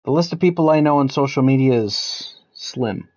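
A man's voice: medium pitch, moderate pace, a little mellow. A man chatting casually with viewers while he plays a game on a live stream, loose and joking, swearing freely.

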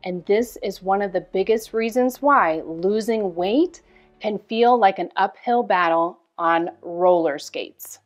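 A woman in her thirties, a health coach, telling a personal story in a candid, animated way with casual swearing. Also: medium pitch, takes it slowly, faint music behind. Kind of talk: storytelling promo talk.

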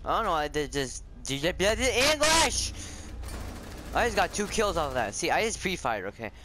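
A young man chatting casually over his own gameplay, jumpy and quick to yelp when startled. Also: on the high side, sing-song, pushed and bright. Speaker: gamer streaming his match. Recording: noisy game audio behind voice.

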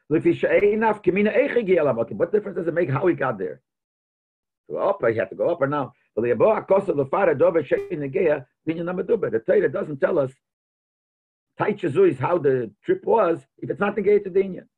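Over tinny, phone-like audio, a rabbi gives a Torah lesson, thinking aloud as he explains and sprinkling Hebrew and Yiddish terms into his English. His voice is on the high side and slightly rough.

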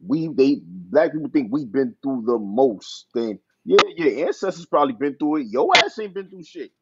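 A man's voice: mid-range voice, expressive, moderate pace, breathy edge. Give me a heated, profane man, on a slightly muffled podcast mic. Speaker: podcast co-host. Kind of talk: casual chat.

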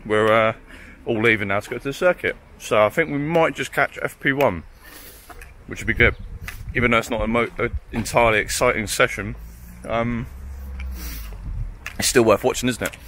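A man's voice: mid-range voice, normal speed, sharp tone, a little hiss or hum. A young man, talking casually to the camera in a rambling vlog full of fillers and restarts. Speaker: vlogger.

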